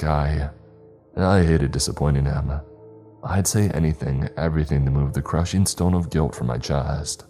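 Male horror-story narrator, very low and warm, wry casual delivery. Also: normal speed, faint music behind.

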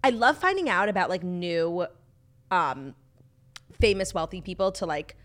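A young woman co-hosting a casual chat podcast tells stories animatedly, acting out quotes loudly and laughing often. Her voice is lowish and her pace a little slow.

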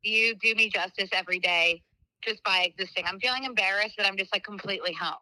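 A woman's voice: mid-range voice, quick pace, bright, forceful tone, no room sound, poor audio. A woman, a regular podcast co-host, calling in and chatting casually in an upbeat, wry way. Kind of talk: casual chat.

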